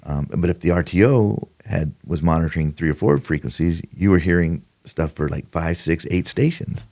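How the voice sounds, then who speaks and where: A man's voice: sits low, moderate pace, mellow. An older man, a retired detective, telling stories in a casual interview, acting out quotes and laughing often. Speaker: retired homicide detective, podcast guest.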